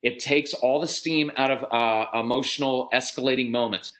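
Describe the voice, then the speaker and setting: A middle-aged American man speaks at a live parenting workshop. His delivery is direct and matter-of-fact, and he breaks into lively acted voices of parents and children to make his points. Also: medium pitch, rough recording. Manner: animated, acts out parents and kids in quick voices.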